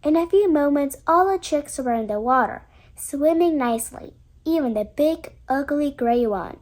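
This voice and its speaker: A woman reading a children's story aloud, gentle and even-paced as she narrates. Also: sits high, normal speed.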